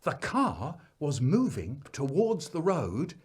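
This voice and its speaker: A man telling a comic story about his family in an animated, playful way. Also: a little high, takes it slowly, husky.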